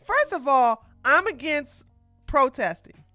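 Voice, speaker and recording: Lively, bright-voiced woman host. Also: high-pitched, slow, no room sound, soft background music. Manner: animated, laughs often, blunt opinions; reads out viewer donations. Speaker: podcast host. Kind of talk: casual livestream commentary.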